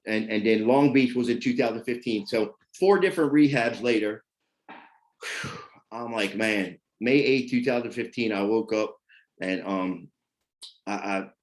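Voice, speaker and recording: A middle-aged man giving a candid personal testimony about his past, rambling and repeating fillers as he talks. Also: on the low side. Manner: rambling, repeats fillers like "you know what I mean". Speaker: person sharing his recovery story.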